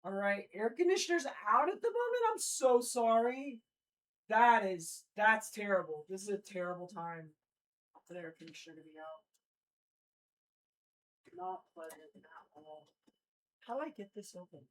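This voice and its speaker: A woman's voice: mid-range voice, very animated, moderate pace, long pauses. Young woman streamer, loose and rambling, lots of ums, chatting with viewers at home. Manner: chatty, rambling, many fillers, talks to chat while working. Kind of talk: casual live-stream chat.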